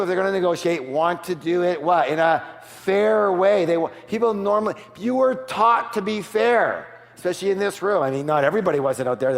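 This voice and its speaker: A man giving an energetic sales seminar, asking the audience for call-and-response and switching to a soft, quiet voice to act out offers. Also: sits high, vocal fry. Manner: drops to a soft, quiet voice for role-played offers. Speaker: seminar speaker. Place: large hall with a live audience. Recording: long hall reverb.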